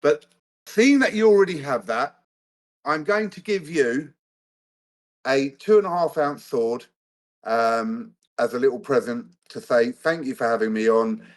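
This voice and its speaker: A man's voice: mid-range voice, a little slow. A man speaking as a guest on a live stream, friendly and easygoing, with casual slang. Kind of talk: casual livestream chat.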